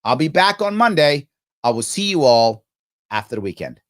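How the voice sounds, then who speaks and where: A man's voice: a little high, big pitch swings, moderate pace, a bit bright. A man hosting a live stream, chatting casually and answering viewer comments. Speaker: host.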